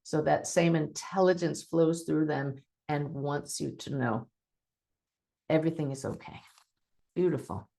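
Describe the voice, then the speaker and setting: A woman with a somewhat low voice tells the story of a reading in a webinar talk, animated and expressive. She acts out bits of dialogue as she goes. Her tone turns earnest and sincere when she teaches. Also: measured pace, creaky. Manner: expressive, re-enacts dialogue while recounting. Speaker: spiritual medium and teacher.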